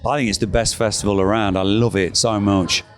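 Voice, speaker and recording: A man's voice: lowish voice, a little fast, soft background music. Man telling stories. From England, East Midlands. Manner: animated, acts out quoted voices, swears freely. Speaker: guest. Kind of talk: anecdotal storytelling. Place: backstage at a rock festival.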